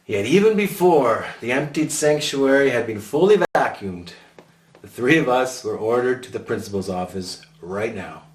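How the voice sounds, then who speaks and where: A man narrating his own memoir in a dry, wry storytelling voice. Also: medium pitch. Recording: roomy sound from a distant mic.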